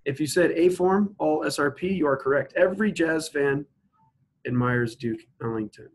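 A man teaching a logic lesson, working through examples one at a time and slowing down to spell each one out. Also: fairly high pitch, a little hiss or hum, low-quality recording. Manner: explains step by step, asks students to pause and think; slows to spell out examples word by word. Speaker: instructor. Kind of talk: recorded logic lecture.

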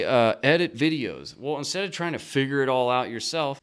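A middle-aged man coaching viewers on selling online courses, talking straight to camera in a chatty, persuasive way and often acting out the pitches he suggests. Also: a bit bright. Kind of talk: talking-head marketing talk to camera.

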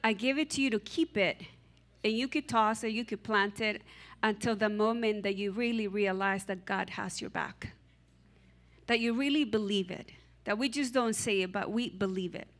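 A woman's voice: medium pitch, moderate pace. A woman pastor preaching and introducing a young speaker with emphatic, building lists. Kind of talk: sermon. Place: church sanctuary.

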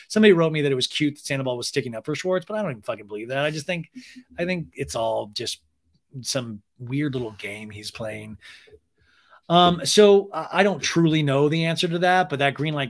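Animated comic podcast host, man. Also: fairly high pitch. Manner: animated, acts out quotes in funny voices; rambling asides. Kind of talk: comedic reality TV recap.

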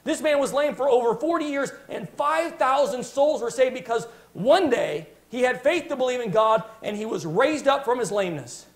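A man's voice: extremely high pitch, animated, moderate pace, few pauses. A male preacher telling a Bible story in a sermon with passionate, dramatic storytelling. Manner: impassioned storytelling, dramatic retelling.

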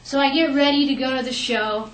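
A young woman telling a personal story in an animated way, acting out what people said. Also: high voice, brisk, far from the mic. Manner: lively, animated retelling with quoted asides. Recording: echoey room, faint ambience.

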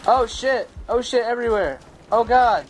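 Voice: mid-range voice, moderate pace, a little hiss or hum. A young adult gamer commentating their own play in a profane, ranting way full of outbursts. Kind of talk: gameplay commentary. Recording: game gunfire faint behind.

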